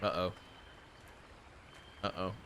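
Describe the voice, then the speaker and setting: A man's voice: slow pace, pushed and bright, a little hiss or hum. A man streaming a video game, chatting casually with viewers in joking, rambling, self-mocking banter. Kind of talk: casual live-stream chat. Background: game music.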